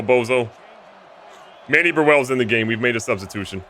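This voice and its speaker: A man commentating his own video game playthrough, jokey and excitable, switching between loud outbursts and low mutters. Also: fairly quick, slight background noise. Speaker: gaming YouTuber.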